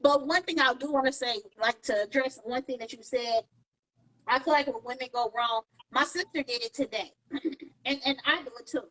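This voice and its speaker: High, bright-voiced woman chatting. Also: moderate pace, poor audio. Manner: animated storyteller, acts out quoted dialogue. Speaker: podcast co-host. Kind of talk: casual chat.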